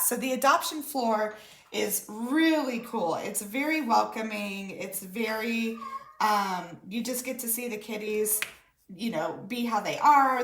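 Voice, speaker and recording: A woman's voice: a little high, fairly bright tone, roomy sound. A woman, a mother, telling a story casually to her viewers, chatty and full of quoted dialogue. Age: adult mother of school-age daughter. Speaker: vlogger.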